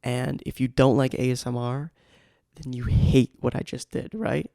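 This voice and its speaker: A man's voice: medium pitch, level tone, moderate pace, vocal fry, dark tone, no room sound, clean studio sound. A young man hosting a casual solo podcast, rambling through tangents and poking fun at himself. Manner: rambling and self-mocking, with tangents. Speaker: podcast host. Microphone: studio microphone.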